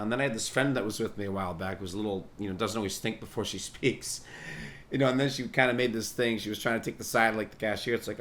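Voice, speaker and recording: A New York man hosts a podcast, rambling through a casual, profane, sardonic monologue and laughing at his own jokes. His voice sits on the low side, slightly bright, and he talks fast.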